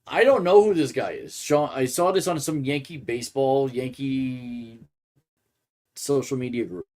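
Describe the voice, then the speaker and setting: A man's voice: medium pitch, unhurried, darkish tone. A man hosting a sports podcast, ranting in a rambling way and restarting his sentences often. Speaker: podcast host. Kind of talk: casual sports rant.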